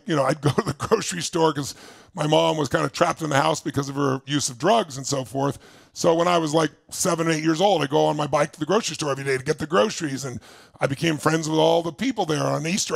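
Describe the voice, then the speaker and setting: A man giving a motivational talk to a live audience, telling his life story in a gravelly voice and now and then shouting to rouse the crowd. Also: on the high side, no room sound. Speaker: motivational speaker.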